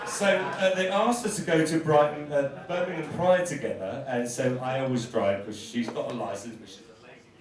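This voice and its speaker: A man's voice: mid-range voice, steady tone, moderate pace, few pauses. A man performing as a drag queen comedian, delivering a camp, bawdy stand-up roast on a live stage. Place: live pub venue stage. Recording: echoey venue, mic at a distance. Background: laughing crowd.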